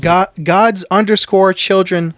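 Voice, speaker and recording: A man's voice: high-pitched, fairly even intonation, slow, a bit bright, no room sound. A young man co-hosting a casual podcast, reading listener comments aloud in a dry manner.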